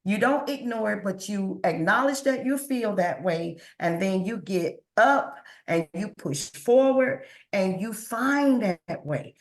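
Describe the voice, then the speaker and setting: A woman's voice: mid-range voice, lively intonation, takes it slowly, few pauses, roomy sound. A woman guest on a podcast who speaks earnestly about faith and often repeats words when she is moved. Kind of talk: emotional interview talk.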